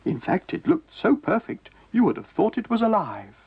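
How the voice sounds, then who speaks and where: A man narrating a children's story in a gentle, measured way, with a gravelly, husky voice. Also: high voice, wildly swooping pitch. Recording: tinny lo-fi 1970s TV audio with faint music.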